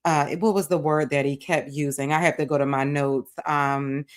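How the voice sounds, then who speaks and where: A woman judging a debate, giving a relaxed, casual recap with many hesitations. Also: low voice, normal speed. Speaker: debate judge.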